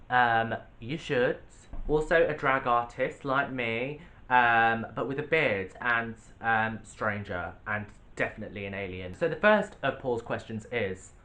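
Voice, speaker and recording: Bright-voiced man, sassy and playful. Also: mid-range voice. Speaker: drag artist and YouTuber. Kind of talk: casual Q&A vlog. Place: home, sitting on a sofa.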